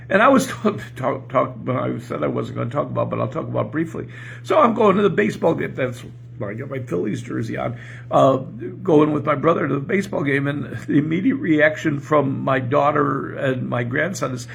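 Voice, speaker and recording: A man's voice: on the high side, animated, brisk, creaky, a bit bright, slight background noise. An older man who is a pastor, chatting casually and rambling with chuckles as he tells jokes on a morning show. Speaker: pastor and podcast host. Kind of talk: casual morning chat and joke telling. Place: home porch.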